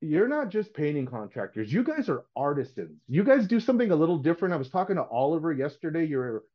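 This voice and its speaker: Middle-aged male podcast guest, earnest rambler with a raised pitch, recorded on dull lo-fi audio. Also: very animated, fast talker. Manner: earnest, rambling with frequent restarts. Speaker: painting contractor guest. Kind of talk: casual podcast chat.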